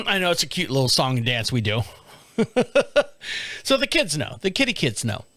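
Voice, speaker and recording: A man tells a casual story on his own show, lively and laughing as he acts out the people in it. His voice sits a little high for a man. It is recorded close and dry. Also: normal speed, no room sound. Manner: animated, acts out quoted voices, laughs often. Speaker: podcast host.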